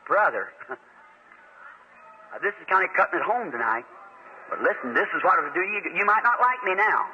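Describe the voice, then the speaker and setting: A man's voice: high voice, lively intonation, moderate pace, pauses often, sharp tone, highs cut off, slight background noise. A man preaching a sermon at a church meeting in an earnest, folksy way that rises to emphatic fervor, on an old tape recording. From United States.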